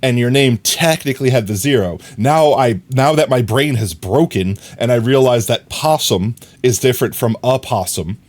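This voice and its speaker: A man's voice: medium pitch, normal speed, hardly any pauses, darkish tone. A man streaming live, chatting casually, reading viewers' messages and laughing as he rambles. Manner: rambling, laughing, reads chat aloud.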